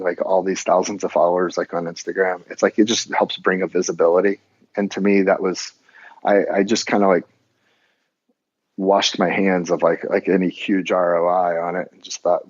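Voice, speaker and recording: A man's voice: low voice, steady tone, normal speed. A man guesting on a podcast, talking casually in a loose, rambling way full of restarts and fillers. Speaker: podcast guest, business owner. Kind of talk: casual conversation. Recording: dull lo-fi audio.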